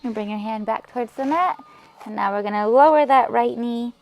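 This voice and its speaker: A woman leading a yoga class, giving calm, encouraging cues with soft breathy asides. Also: a little high, fairly quick. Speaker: yoga instructor. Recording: music playing faintly behind.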